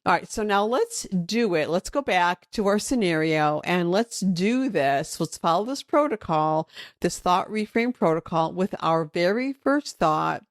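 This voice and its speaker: Slow-talking chatty woman podcast host. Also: on the low side, expressive, dry recording, studio quality. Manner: chatty, acts out anxious inner thoughts. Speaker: podcast host and dog trainer. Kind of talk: solo podcast teaching.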